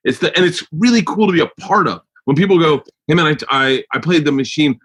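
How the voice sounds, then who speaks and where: A man hosting a podcast in casual chat, talking in a rambling, excitable way and swearing freely. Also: a little high, fast talker, breathy edge. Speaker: podcast host.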